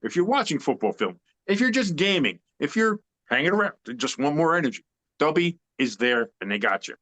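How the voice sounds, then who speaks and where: A man's voice: on the high side, sing-song, a little fast, fairly bright tone. A man co-hosting a sports podcast in casual chat, opinionated and emphatic, rambling with fillers. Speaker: podcast co-host.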